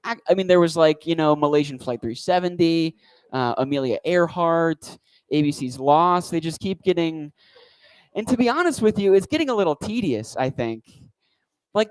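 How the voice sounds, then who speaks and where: Guy doing stand-up, kinda high voice, wry rambly delivery, dry close sound. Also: clear, resonant tone, no room sound, low-quality recording. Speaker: stand-up comedian. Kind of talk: stand-up comedy set. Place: comedy club stage.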